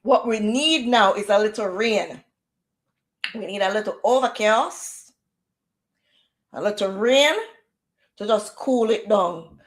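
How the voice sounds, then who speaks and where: A middle-aged woman chatting casually on her livestream, animated and drifting into patois. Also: medium pitch, slow, pauses often. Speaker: livestream host. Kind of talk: casual chat. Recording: echoey room.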